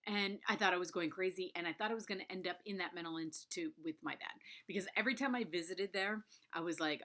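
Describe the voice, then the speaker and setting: Woman, fifties, vlogger; crisp bright tone, earnest storytelling with hushed moments. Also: on the low side, quick pace, hardly any pauses. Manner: confiding, emphatic, drops to whispers. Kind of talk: personal storytelling to camera.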